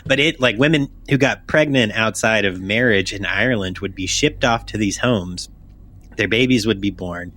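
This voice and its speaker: A man's voice: fairly low pitch, normal speed, fairly bright tone, slight background noise. A man hosting a podcast in casual chat, rambling and swearing freely. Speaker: podcast host.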